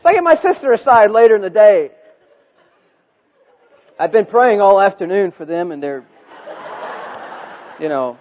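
A man's voice: high-pitched, moderate pace, pauses often, highs cut off, some chatter behind. A man preaching a sermon, telling a story and acting out the voices in it. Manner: animated, acts out voices in his story.

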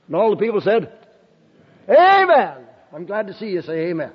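A man's voice: sits high, fast, breathy edge. An older man, a Bible school principal, preaching a fervent testimony sermon, calling out hallelujah and amen. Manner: exclamatory, shouts hallelujah and amen, laughs often. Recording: dull old recording in a reverberant hall.

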